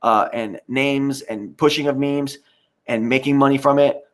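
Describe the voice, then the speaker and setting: A man's voice: mid-range voice, steady tone, measured pace. A man hosting a live stream, ranting in a rambling, profane and mocking way while answering the chat. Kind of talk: casual live-stream rant.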